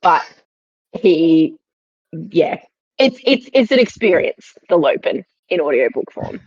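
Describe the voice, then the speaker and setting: A woman with a lowish, husky voice, chatting on a podcast. She talks casually and laughs often. The sound is dry and dull. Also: sing-song, takes it slowly, a little mellow, dry recording. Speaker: podcast co-host. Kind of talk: casual chat.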